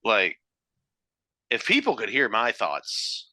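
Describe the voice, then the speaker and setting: Podcast dude, crude jokes, super bright tense voice. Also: male voice, mid-range voice, expressive, moderate pace, dry recording. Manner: joking, crude humor, laughs. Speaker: podcast co-host. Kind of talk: casual chat.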